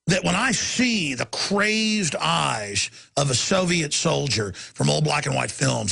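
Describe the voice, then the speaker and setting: Gravelly, raspy man ranting angrily. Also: on the high side, very animated, unhurried, few pauses, sharp tone. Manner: angry, ranting, heated and emphatic. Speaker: talk show host. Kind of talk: impassioned talk radio rant.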